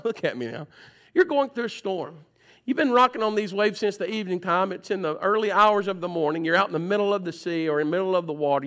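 With a gravelly voice, a male pastor moves between forceful, urgent preaching and hushed, low pleading. He leans on repetition for emphasis.

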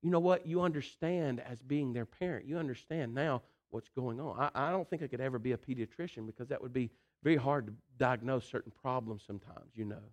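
A man preaching a sermon in a folksy, animated way, swinging between loud emphasis and quiet intensity and often saying "listen" and "you know.". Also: medium pitch, fairly quick, hardly any pauses.

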